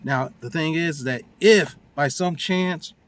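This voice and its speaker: A man with a somewhat high voice vents into his phone, recounting a friend's relationship trouble. He slips into quick impressions of the people involved and talks in loose, slangy sentences. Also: no echo. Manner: animated storytelling, acts out quotes, casual slang. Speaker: vlogger giving relationship advice. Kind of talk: casual rant to camera.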